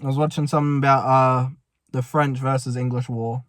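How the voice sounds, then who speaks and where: A man's voice: mid-range voice, level tone, fairly quick, no echo. A young man, rambling and panicky as he tells a story to camera from a parked car. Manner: panicky, rambling, swears a lot. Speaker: vlogger. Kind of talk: casual vlog storytelling.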